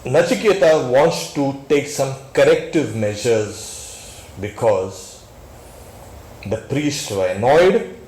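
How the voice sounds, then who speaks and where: In a temple hall, a man teaching as a swami gives a scripture lecture in a medium-pitched, slightly mellow voice, taking it slowly. He speaks conversationally yet emphatically, with frequent exclamations, and the recording is echoey with faint noise.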